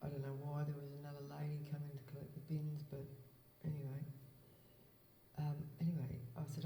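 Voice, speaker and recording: A woman tarot reader talking softly in a whisper, rambling through a story and often asking "right?". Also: low-pitched, level tone, a little fast, echoey room, a little hiss or hum, low-quality recording. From Western Australia. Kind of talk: whispered early-morning talk to camera. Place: outdoors on a hill at dawn.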